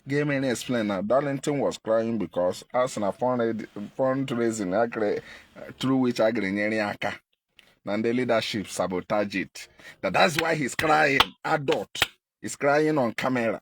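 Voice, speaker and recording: A man with a Nigerian Igbo accent delivering an impassioned political monologue, repeating his points and jumping in pitch for emphasis. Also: normal speed, gravelly. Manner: emphatic, repetitive, pitch leaps when stressing. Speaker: activist commentator.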